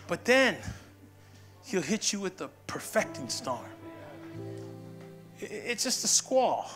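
A pastor preaching in a high, bright-pitched voice, punchy and playful, calling for the congregation to answer him. Music plays clearly underneath his sermon. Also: sing-song, takes it slowly, pauses often. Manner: call-and-response, punchy, playful asides. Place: church sanctuary. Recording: music behind.

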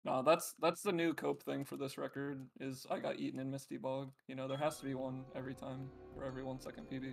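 A man's voice: mid-range voice, level tone, fast talker, vocal fry, hardly any pauses, soft background music. A man, a speedrunner himself, chatting loosely about runs with lots of fillers and a resigned tone. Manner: rambling, resigned, filler-heavy. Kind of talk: casual commentary chat.

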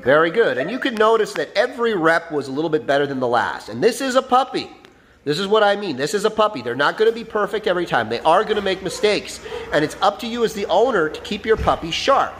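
A man's voice: high voice, very animated, fast talker, a bit bright, a little hiss or hum. A man explaining a demonstration as a dog trainer, coaching and checking in with his listeners. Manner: explanatory, coaching, frequent "all right?" and "okay?" check-ins. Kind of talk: instructional narration over demonstration.

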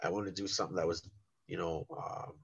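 A man in his forties from Canada talks through his working life in a relaxed, chatty way, animated and quick to act out other people's lines. His voice sits low. The recording sounds somewhat dull and lo-fi. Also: creaky, breathy edge. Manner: animated storyteller who acts out the people he quotes. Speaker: guest, rapper and former chef. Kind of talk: casual podcast storytelling.

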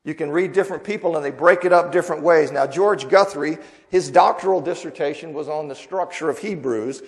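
A man's voice: on the high side, fairly quick, in a large hall. A man preaching in a church, first reading a story aloud and then explaining it in a loose, conversational teaching manner. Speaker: preacher teaching a Bible class.

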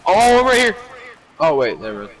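A man's voice: sits high, wildly swooping pitch, a little fast, a bit bright, a little hiss or hum. Grumbling young gamer man, swooping voice. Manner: grumbling, complains about the game. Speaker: teammate in a game squad. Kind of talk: casual gaming voice chat.

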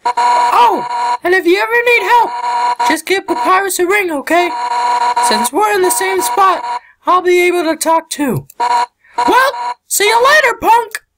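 Brief: a woman doing a shouty, high, swooping fish-warrior woman for a game, cocky and tough, game music loud underneath. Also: unhurried, long pauses, heavy background noise, full character voice. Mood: brash. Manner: shouty, excitable, tough-talking. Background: loud video game music.

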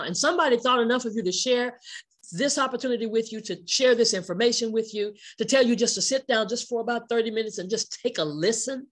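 Emphatic woman giving a sales pitch. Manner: emphatic, asks many rhetorical questions; repeats key words for stress. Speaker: company presenter.

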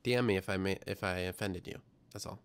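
A young adult man hosts a science livestream in a low, steady, clear voice with a resonant tone, talking fast. He reads viewer comments aloud, rambles, and jokes about himself.

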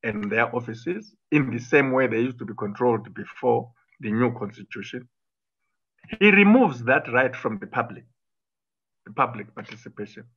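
A man's voice: medium pitch, expressive, normal speed, slightly rough, highs cut off. A middle-aged man, a former minister arguing combatively in an interview, with frequent fillers and restarts. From Zimbabwe. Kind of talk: political interview talk.

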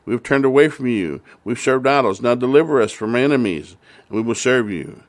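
A frightened, repentant crowd of ancient people, voiced by a male storyteller, pleading slowly and begging for help. The voice is a little higher than his usual voice. It is told as a Bible story. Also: expressive, natural voice.

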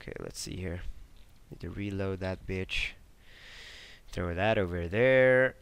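A man giving casual live commentary over his own online shooter match, swearing, grumbling in frustration and breaking into excitable outbursts. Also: deep voice, a little slow, vocal fry, smooth. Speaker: gameplay commentator.

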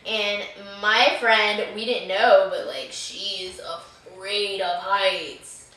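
Young girl, giggly animated storyteller, bright voice, echoey distant recording. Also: medium pitch, drawn-out words. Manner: giggly, animated, mimics screams. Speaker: vlog participant. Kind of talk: casual storytelling among friends. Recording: echoey room, mic at a distance.

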